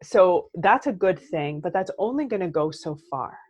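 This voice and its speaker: A woman in her thirties, a therapist and coach, talking in a casual podcast chat. She is animated and keeps checking in with "right?". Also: lowish voice, normal speed. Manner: animated, says "right?" often, acts out quoted outbursts.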